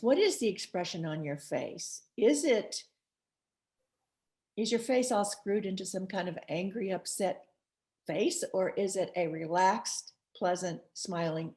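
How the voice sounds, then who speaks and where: A woman author talks as a podcast guest in a passionate, emphatic way. She lets small laughs slip between her points. Her pitch sits in an ordinary middle range. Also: expressive, measured pace, a little mellow. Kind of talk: podcast interview.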